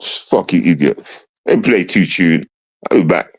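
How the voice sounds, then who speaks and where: A man's voice: deep voice, normal speed, slightly rough. A man hosting a livestream, aggressively insulting a viewer and swearing heavily. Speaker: livestream host. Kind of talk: heated livestream rant at a chat viewer.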